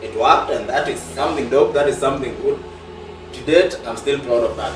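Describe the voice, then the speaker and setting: A man's voice: mid-range voice, a little fast. Kenyan guy venting on his vlog, far from the mic, echoey room. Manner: frustrated venting, mixing English and Swahili. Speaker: vlogger. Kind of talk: casual on-location vlog talk. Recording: roomy, distant from the mic, music playing.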